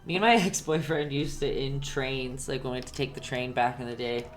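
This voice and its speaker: A young woman with a low voice leads a casual live-streamed painting lesson. She chats easily with her viewers, calls them by name and laughs a lot between steps. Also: fairly even intonation, fairly quick, faint music behind. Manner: chatty, laughs often, talks to viewers by name. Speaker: painting instructor. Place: home painting setup.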